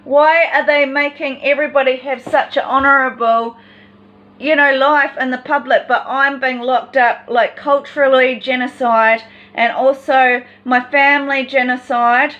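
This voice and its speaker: A woman's voice: high-pitched, fairly even intonation, a little slow, highs cut off. A woman in a personal vlog monologue, talking in an agitated, rambling and distressed way.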